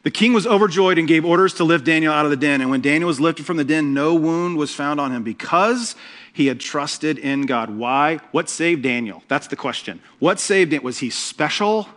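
A man preaching a sermon as pastor, telling the story with humor and lively asides. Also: fairly high pitch, normal speed.

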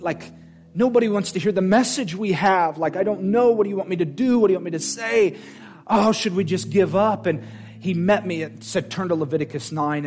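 Folksy male preacher, slightly high-pitched, emphatic surges and hushed prayerful lows, over faint instrumental music. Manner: swings from loud emphatic declarations to quiet intimate prayer; folksy, plain-spoken. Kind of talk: sermon. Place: church service.

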